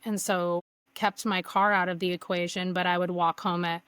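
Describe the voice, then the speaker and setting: A woman's voice: lowish voice, flat delivery, brisk, fairly bright tone, clear, resonant tone, no echo. Earnest woman telling her story, dry sound. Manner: earnest, with frequent "like" and restarts. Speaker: podcast guest. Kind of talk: candid personal storytelling.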